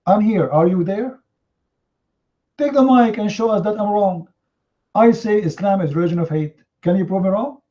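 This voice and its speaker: A man with a rather high voice hosts a heated live online debate, goading his opponents with sarcastic rhetorical questions. His English is non-native in its grammar. The stream audio sounds a little dull and muffled. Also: moderate pace, pauses often, dark tone. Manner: confrontational, mocking, rhetorical questions. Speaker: debate host.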